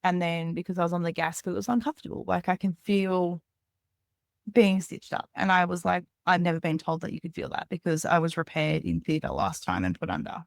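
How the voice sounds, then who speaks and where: Low gravelly woman telling her story. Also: lively intonation, fairly quick, no room sound. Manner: candid, rambling, peppered with "like". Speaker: podcast guest. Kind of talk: personal storytelling in an interview.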